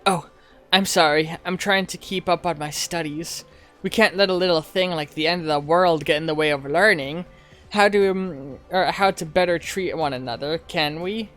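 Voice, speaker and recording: A man's voice: a little high, normal speed, fairly bright tone, lightly acted. A man reading as an earnest bookish student.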